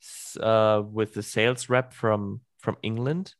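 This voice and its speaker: A man's voice: on the low side, flat delivery, no room sound. Man in his twenties, dry mic. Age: 20s. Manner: halting, many restarts and fillers. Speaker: podcast guest. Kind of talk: casual chat.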